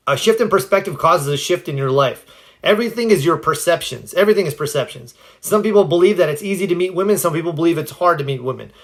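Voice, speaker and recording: A man coaching viewers through a live phone stream, earnest and encouraging as he takes their questions one by one. His voice sits a touch high and sounds slightly cracked. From United States. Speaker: self-help coach. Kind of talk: livestream advice talk. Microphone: phone livestream.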